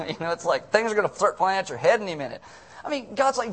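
A man delivers a sermon with a husky edge to his voice. His pitch swings widely as he acts out little voices and jokes, now and then bursting into a sudden shout. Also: fast talker. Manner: animated, acts out voices of people and God. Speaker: preacher.

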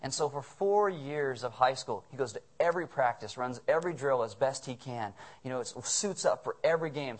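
Animated male pastor telling stories. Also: mid-range voice. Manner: animated storytelling, chuckling asides. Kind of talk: sermon.

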